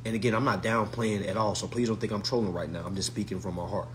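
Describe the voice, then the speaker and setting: A man giving an emphatic, casual rant to camera, swearing and swinging from hushed to loud. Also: on the low side, steady tone, fast talker, slight background noise. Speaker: vlogger.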